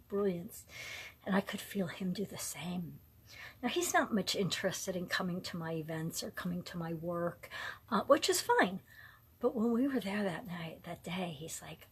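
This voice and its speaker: A middle-aged woman hosting a casual live online talk, rambling and digressive, often drifting into soft, whispery asides. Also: on the low side, moderate pace, husky.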